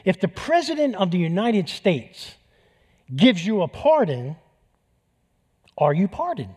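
A man with a New York accent preaching a sermon, animated and building to emphatic peaks. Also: high-pitched, a little slow, husky. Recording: long hall reverb.

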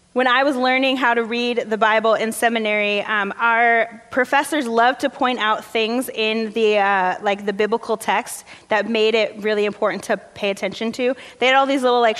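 A woman pastor preaches a sermon as loose, conversational storytelling, using relaxed fillers. Her voice is a little high for a woman, and the church sanctuary surrounds it with long reverb.

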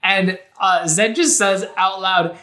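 A woman's voice: mid-range voice, fairly even intonation, slow, sharp tone. A woman co-hosting a podcast, chatting casually and sarcastically about a movie and acting out the characters' lines. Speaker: podcast co-host. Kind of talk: casual chat recapping a movie. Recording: roomy echo.

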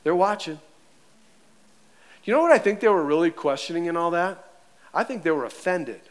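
Animated high-voiced male pastor. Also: moderate pace. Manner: animated, conversational, acts out voices. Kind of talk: sermon.

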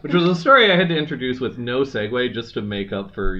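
A man's voice: mid-range voice, big pitch swings, fast talker, bright, forceful tone. A man co-hosts a laid-back podcast, rambling through his thoughts with fillers and restarts. The recording sounds a little muffled. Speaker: podcast co-host. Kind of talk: casual chat.

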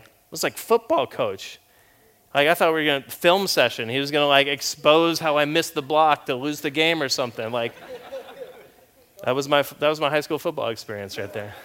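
A male pastor delivering a sermon like he is telling stories to friends. He is animated and casual, with a middle-range voice, and he surges loud and then drops quiet. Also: mid-range voice. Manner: animated, conversational storytelling with big swings in volume.

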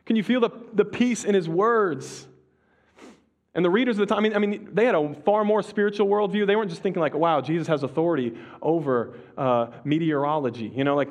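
This preacher is a man with a high voice who delivers his sermon casually and conversationally. He slips in slang, starts lines over, and drops to a slow, hushed tone when a phrase matters.

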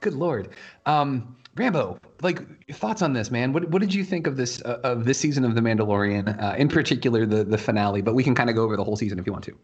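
A man hosting a casual geek podcast, ranting excitedly, swearing freely and laughing often. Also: mid-range voice, quick pace, breathy edge, highs cut off. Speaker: podcast host.

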